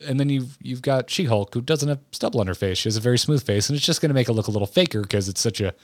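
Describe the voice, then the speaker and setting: A man's voice: medium pitch, very fast, no echo, clean studio sound. A man co-hosting a podcast, chatting casually and eagerly about films, rambling with many restarts. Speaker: podcast co-host. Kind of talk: casual movie chat.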